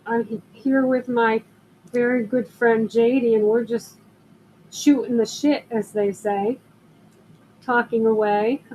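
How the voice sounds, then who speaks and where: An older woman talks slowly and casually on her live selling stream, her voice sitting a bit high. She rambles through stories between greeting viewers. A faint background noise runs under the recording. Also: fairly even intonation, a little mellow, poor audio. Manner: chatty, rambling storyteller who greets viewers. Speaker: live-stream jewelry seller.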